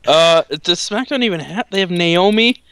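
A man's voice: high voice, normal speed, a bit bright, clear, resonant tone, dry recording. A young man co-hosting a game stream, joking and helping with the game menus. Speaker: co-host. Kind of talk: casual gaming chat.

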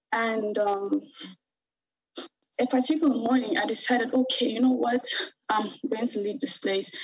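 A young woman from Nigeria, a guest on a television interview, recounting a personal ordeal in an earnest, halting way with many fillers. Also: a little high, slightly rough, no echo, lo-fi sound.

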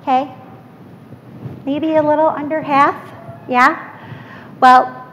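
A woman with a somewhat high voice delivers a keynote to a live audience. She is earnest and emphatic, pausing to ask the room questions. The sound carries a long hall reverb with faint background noise. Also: steady tone, fairly bright tone. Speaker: keynote speaker.

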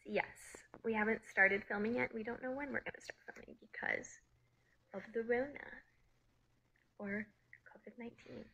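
A woman chatting casually on a phone livestream, greeting viewers and reading their comments aloud in a breezy way, quick to laugh. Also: fairly high pitch, fairly even intonation, gravelly, a bit bright, husky, highs cut off. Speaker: actress hosting a livestream.

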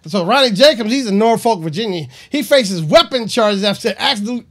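A comedian hosting his own show riffs on a news story in a high voice, speaking a little slowly. He's animated but loose, rambling and dropping in fillers.

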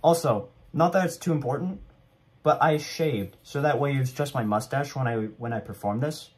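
A man's voice: mid-range voice, normal speed. Young guy rambling about his performance, casual, self-mocking. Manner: rambling, chatty, self-deprecating. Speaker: vlogger. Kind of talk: casual commentary.

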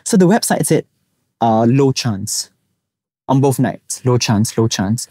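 The podcast host, a young man from Singapore with a Singaporean English accent, shares a story from his own life, animatedly performing quoted voices. He's slow and medium-pitched with a slightly rough texture, in studio-quality sound without echo.

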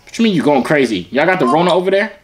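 A man's voice: fairly high pitch, animated, racing, crowd noise. A young man from Arkansas, joking around with strangers on a phone video chat. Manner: playful, joking, teasing. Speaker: YouTuber.

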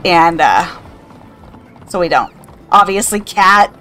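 A woman's voice: mid-range voice, expressive, a little slow, long pauses, soft background music. An older woman streaming a game, chatting casually, reading out chat and laughing often. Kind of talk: casual live-stream chat while gaming.

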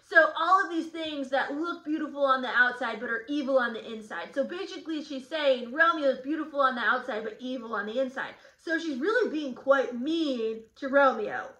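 A woman's voice: high-pitched, normal speed, few pauses, pushed and bright. A woman teacher leading a casual guided reading lesson, chatty with sardonic asides. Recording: roomy echo.

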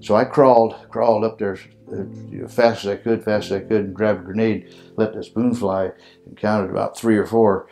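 A man's voice: on the low side, steady tone, moderate pace, dark tone, soft background music. An older veteran man telling a combat story in an oral history interview, acting out sounds and voices as he goes. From United States.

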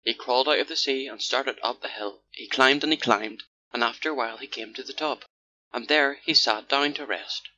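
A man narrating a children's fairy tale in a steady, measured storytelling manner, in a dull lo-fi recording with faint hiss. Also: mid-range voice. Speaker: audiobook narrator.

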